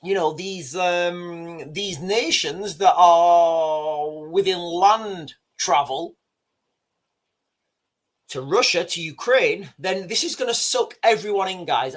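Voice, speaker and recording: A man hosting a livestream gives commentary directly to his viewers, rambling and frequently restarting his sentences. He speaks slowly and expressively in a high voice.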